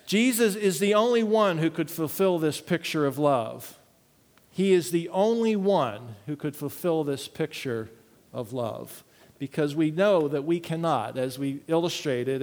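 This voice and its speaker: A gravelly-voiced man preaches as a pastor, earnest and leading his congregation through a reading together. His voice sits a little high for a man, and a long reverb trails each phrase through the hall. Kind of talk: sermon.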